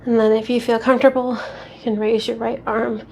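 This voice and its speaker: A woman's voice: on the high side, flat delivery, a little fast, gravelly, mellow, slight background noise. A woman guiding a casual yoga class at home, out of breath and sweaty, chatty and self-deprecating, with sighs between cues. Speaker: yoga instructor.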